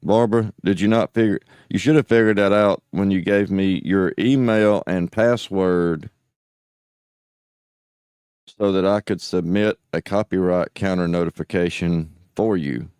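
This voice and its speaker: A man's voice: sits low, steady tone, unhurried, darkish tone, clear, resonant tone, no echo, studio quality. A man hosting a show, casually commenting on voicemails in a laid-back, sardonic way. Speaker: host playing back voicemails.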